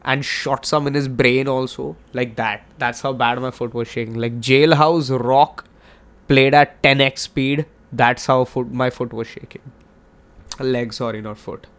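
A young male podcast host with a gravelly, fry-tinged voice. He rambles in a hyped, joking way, swears freely and keeps his pitch in the middle range. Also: a little slow, a bit bright. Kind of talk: casual monologue.

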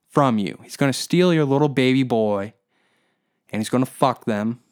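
Man, podcast host, crude rambling rant, mid-pitched voice. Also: normal speed. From Canada. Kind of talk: comedic rant monologue.

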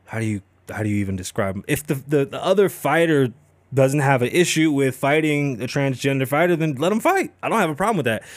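Man podcast host, fairly high voice, profane, animated rant, casual chat. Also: no room sound.

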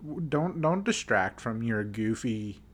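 A young man trades teasing, slangy banter as a podcast co-host. His voice sits at an ordinary pitch for a man, and a faint hiss runs under the recording. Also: expressive, measured pace. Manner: teasing, easily baffled, casual slang. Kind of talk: casual chat.

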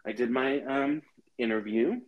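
A man co-hosting a podcast, telling stories in a chatty, dramatic, animated way. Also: medium pitch, unhurried, muffled recording. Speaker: podcast co-host. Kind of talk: casual chat.

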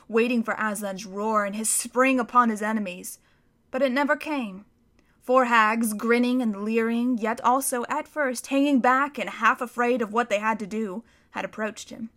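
A woman narrating a children's story aloud in an expressive, dramatic reading style. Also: a little high, moderate pace.

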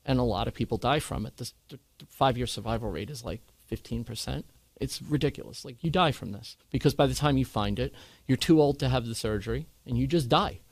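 A man candidly recounting a hard experience in conversation, earnest and animated when he quotes others. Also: mid-range voice, fairly quick, dry recording. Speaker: guest sharing his cancer story.

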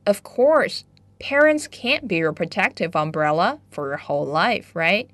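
A woman's voice: lowish voice, sing-song, a bit bright, dry recording. Woman, upbeat English teacher, careful pronunciation, dry close sound. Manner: upbeat, switches between Chinese and English, slow careful pronunciation drills. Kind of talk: bilingual language lesson.

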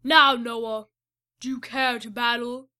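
Give me a gloating cave creature villain, as a woman narrator puts it on, slow and bright. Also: fairly high pitch, steady tone, clean tone. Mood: menacing.

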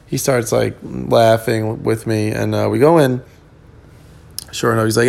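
A man's voice: medium pitch, fairly even intonation, a little slow, creaky. A tired male comedian hosting his own podcast, rambling in casual chat with many ums and restarts.

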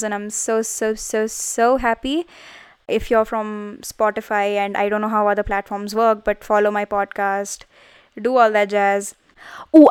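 A woman's voice: a little high, smooth, dry recording. A young woman hosting her own podcast, rambling casually with lots of fillers, close to the microphone. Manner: rambling, lots of "like", animated self-talk. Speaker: podcast host. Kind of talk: casual solo podcast chat. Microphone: close studio microphone.

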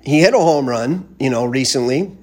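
Husky, profane baseball fan ranting. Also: male voice, medium pitch, animated, normal speed. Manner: blunt, profane, rambling. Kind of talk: casual sports rant.

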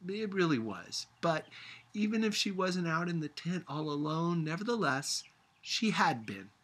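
Expressive husky male reader. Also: on the high side, unhurried. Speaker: teacher reading aloud. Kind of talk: reading a novel aloud.

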